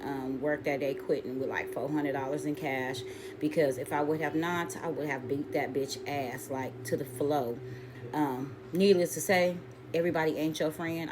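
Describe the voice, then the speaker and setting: Deep-voiced lady vlogger telling a story, lively and cussing, slangy, a little background hiss. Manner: animated, profane, slangy, acts out quoted voices. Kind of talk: casual storytelling.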